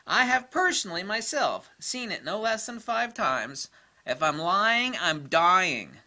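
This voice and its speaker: Exasperated man ranting, bright lively voice. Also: a little high. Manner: exasperated, sarcastic, mocks others in put-on voices. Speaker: photography vlogger. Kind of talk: ranting monologue.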